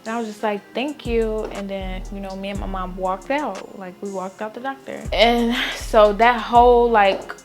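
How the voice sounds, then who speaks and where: A young woman telling a casual storytime vlog, chatty and animated, full of "like" fillers and acted-out quotes. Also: medium pitch, normal speed, hardly any pauses, faint music behind. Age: young adult. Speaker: vlogger.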